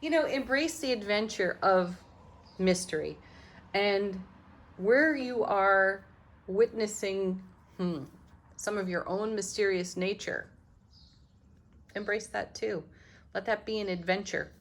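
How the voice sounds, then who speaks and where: A woman giving a gentle, affirming tarot reading, moving from card to card. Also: medium pitch, slow pace, long pauses. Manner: gentle, affirming, laughs softly between cards. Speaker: tarot reader.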